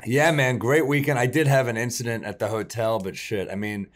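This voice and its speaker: A man's voice: mid-range voice, brisk. Profane, storytelling male comedian. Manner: profane, animated storyteller who acts out others. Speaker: podcast co-host. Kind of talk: casual comedy podcast chat.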